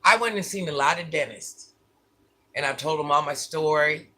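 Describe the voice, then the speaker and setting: Husky, bright-voiced man telling a story. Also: fairly high pitch, normal speed. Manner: candid, repeats phrases for emphasis. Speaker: vlogger. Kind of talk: casual storytelling to viewers.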